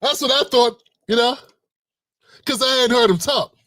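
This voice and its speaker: A man's voice: very high-pitched, normal speed, sharp tone, no echo, clean studio sound. A middle-aged man hosting a livestream, slangy and joking, talking animatedly to his viewers. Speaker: host. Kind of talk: livestream commentary.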